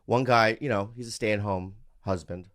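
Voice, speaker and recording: A man on a comedy podcast telling jokes in casual chat, often breaking into high laughter. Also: normal speed, a bit bright. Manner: giggly, bursts into high laughs. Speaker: podcast co-host.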